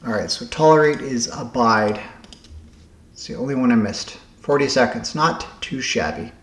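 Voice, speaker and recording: A man thinking aloud as he solves word puzzles, halting and correcting himself as he goes. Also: mid-range voice, echoey room. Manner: muttering, halting, self-correcting. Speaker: puzzle game vlogger.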